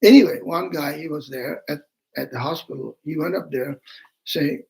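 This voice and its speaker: An older man giving a Buddhist teaching in halting non-native English, full of fillers and acting out the people he quotes. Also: fairly high pitch, creaky, darkish tone, low-quality recording. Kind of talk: dharma teaching.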